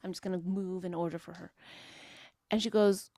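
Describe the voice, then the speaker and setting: A woman's voice: lowish voice, fairly even intonation, normal speed, warm tone, dry recording, studio quality. A woman co-hosting a podcast, telling a story in a casual, frank way, with lots of fillers and swearing. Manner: frank and profane, with many fillers. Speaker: podcast co-host.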